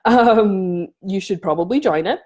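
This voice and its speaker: A woman's voice: medium pitch, measured pace, darkish tone. Passionate woman coach talking to camera. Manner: passionate, restarts sentences often. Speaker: spiritual coach. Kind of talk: casual talk to camera.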